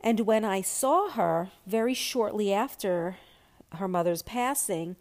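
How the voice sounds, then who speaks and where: A woman's voice: mid-range voice, animated, takes it slowly, a little mellow. A woman talking candidly and reflectively about personal experience, with many fillers and restarts.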